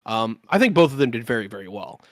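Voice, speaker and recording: A male panelist with a bright, forceful voice, recorded close and dry. He talks bluntly, swears casually and stumbles through restarts as he lays out his take. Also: medium pitch, very animated, fast, dry recording. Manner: hesitant, restarts often, blunt and cursing. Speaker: regular panelist. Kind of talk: casual political discussion.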